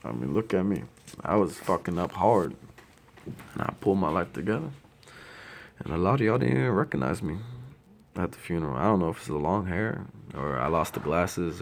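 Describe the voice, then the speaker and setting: Deep gravelly man, blunt and profane. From Ohio. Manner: blunt, profane, heartfelt storytelling. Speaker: grieving older brother. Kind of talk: personal tribute monologue.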